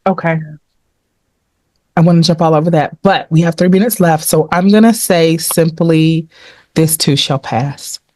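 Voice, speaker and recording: A woman therapist hosting a casual talk, warm and reassuring, often repeating words as she starts a sentence. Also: fairly low pitch, fairly even intonation, moderate pace. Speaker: therapist, podcast host.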